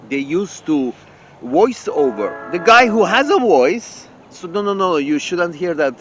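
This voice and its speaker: A man with a high voice rants indignantly and swears freely, stumbling over words and restarting sentences. The audio sounds muffled, with faint traffic and vehicle noise from the street behind him. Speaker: channel host. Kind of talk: ranting open-letter monologue.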